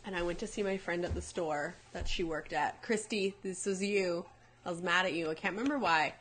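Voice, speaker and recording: A young woman co-hosting a casual chat, telling animated stories and acting out the quotes. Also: on the low side, fairly quick, breathy edge. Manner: animated storytelling, acts out quotes. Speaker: co-host.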